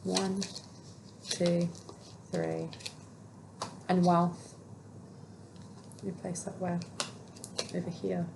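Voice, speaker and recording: A woman's voice: on the low side, level tone, drawn-out words, gravelly, long pauses, background noise. A woman giving a casual collective tarot reading. She rambles with many fillers and talks to herself while she handles the cards. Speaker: tarot reader.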